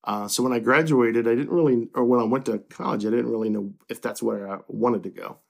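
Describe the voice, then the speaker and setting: A middle-aged newspaper publisher from Kentucky speaks as a guest in a casual interview, relaxed and reflective, with lots of fillers and restarts. His voice is medium-pitched with vocal fry, and he talks briskly.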